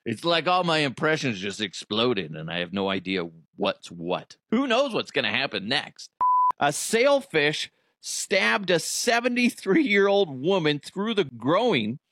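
Male comedy host, lively swooping delivery, crude humor, dry close sound. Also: fairly high pitch, unhurried, no echo. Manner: animated and profane, jumps into silly voices. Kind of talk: comedic news commentary.

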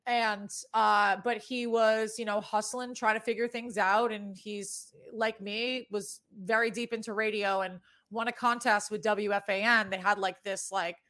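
A chatty woman in her thirties with a Boston accent that drifts toward New York, hosting a sports talk show. Her voice sits at an everyday pitch, and she rambles loosely and swears without a second thought. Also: steady tone, a little slow, hardly any pauses, sharp tone. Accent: Boston with a New York tinge. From New England. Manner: rambling, chatty, casually profane. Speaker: sports betting show host. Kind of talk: casual sports chat.

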